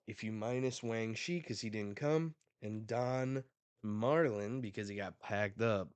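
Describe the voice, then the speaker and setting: A man reacting on a live stream as he reads a manga, talking casually and excitedly into a close desk mic. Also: on the low side, a little slow, clear, resonant tone, dry recording.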